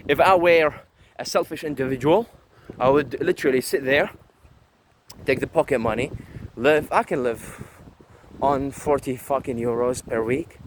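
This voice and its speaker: A man's voice: a little high, a little hiss or hum, rough recording. Brash man ranting while walking outside. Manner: brash, profane, boastful ranting. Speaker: vlogger. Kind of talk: walking vlog rant. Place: outdoors walking along a street.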